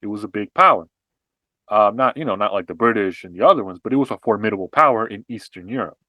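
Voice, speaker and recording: A man co-hosting a podcast, explaining history and politics in an animated, casual way with frequent restarts and fillers. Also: fairly low pitch, fast talker, no room sound, lo-fi sound. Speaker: podcast co-host.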